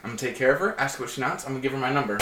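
A man's voice: medium pitch, racing, a little hiss or hum. Man telling a story, echoey room. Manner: animated storyteller, acts out quotes. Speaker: guest. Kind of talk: casual storytelling chat. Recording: echoey room, distant mic.

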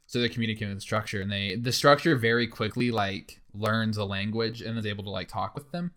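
Male podcast co-host, young adult, slightly low voice, rambling and excitable. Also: quick pace, clear, resonant tone. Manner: rambling, excitable storytelling with many fillers. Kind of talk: casual chat. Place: in person in a shared room.

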